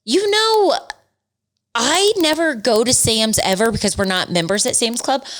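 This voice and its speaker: A woman's voice: fairly high pitch, moderate pace. Chatty woman telling stories. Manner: chatty, storytelling, animated. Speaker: podcast co-host. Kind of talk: casual chat.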